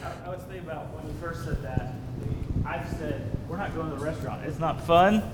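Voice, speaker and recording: A man speaking up in a live discussion, quick and halting, laughing as he talks. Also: on the high side, very noisy. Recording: distant in a reverberant hall.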